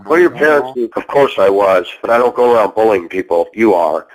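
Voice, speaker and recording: This is a man with a somewhat low voice who hosts a call-in show. He argues heatedly with a caller and lectures him in a preachy, confrontational manner. He fires pointed questions at the caller and does not let up. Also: expressive, brisk, rough recording.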